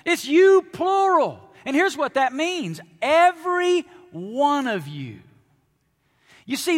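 A very high-voiced pastor from Alabama with a Southern accent preaches a sermon, emphatic and animated, tossing playful asides to the congregation. The recording carries a long hall reverb.

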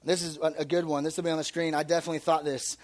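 A young man giving a casual, animated youth sermon, acting out little voices as he goes. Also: on the high side, very fast. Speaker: youth pastor.

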